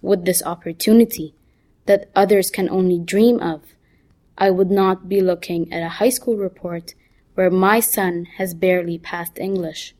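A strict middle-aged mother speaks in a calm, steady, unhurried voice, read by a woman. Her tone stays firm and measured, set a little low. Every word lands slowly and deliberately. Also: close to an everyday voice. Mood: stern. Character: stern, controlled middle-aged mother lecturing her son.

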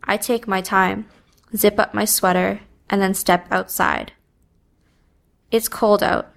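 A woman reading a first-person story aloud in a subdued, even manner. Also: mid-range voice, creaky. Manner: slow, even, subdued delivery. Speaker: narrator.

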